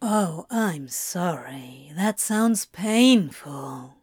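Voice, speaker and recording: A smooth, calm male demon, as a woman reader puts him on, his voice dropped lower and a little husky. He talks slowly and coaxingly, rich and smooth, in a dry, close recording. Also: no room sound, exaggerated voice.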